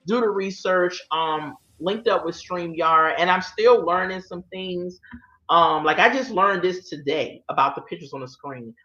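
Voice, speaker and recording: A woman's voice: on the low side, unhurried, sharp tone. A woman, hosting a casual livestream, sassy and chatty, talking straight to her viewers. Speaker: livestream host. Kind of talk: casual commentary chat. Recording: roomy, dull lo-fi sound. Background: faint light music.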